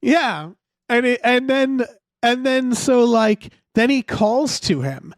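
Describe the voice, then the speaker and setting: High-voiced man, wry, in a dry room. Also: lively intonation, slow pace, no echo. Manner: profane, wry, acts out quoted people. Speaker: podcast co-host. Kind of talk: casual movie-review chat.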